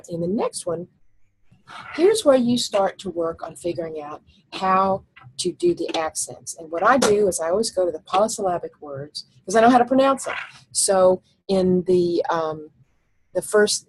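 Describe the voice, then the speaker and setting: A woman teacher giving a recorded slide lecture, explaining step by step and thinking aloud, slowing down when she reads lines of verse. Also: mid-range voice, gravelly, darkish tone, slightly rough, low-quality recording.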